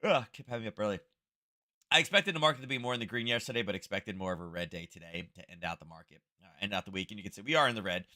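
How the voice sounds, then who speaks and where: A slightly hoarse man hosting a trading livestream from home, talking casually and thinking aloud into a close microphone. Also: on the low side, very fast, sharp tone. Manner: rambling, thinking aloud, chuckling asides. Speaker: trading stream host. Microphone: close-up desk microphone.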